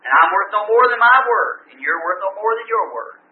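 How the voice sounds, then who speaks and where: A man with a high voice preaches fervently to a congregation. His folksy storytelling rings through an echoey hall. The old recording sounds thin and tinny, with a faint hiss underneath. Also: expressive, brisk. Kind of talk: sermon. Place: church or meeting hall with an audience.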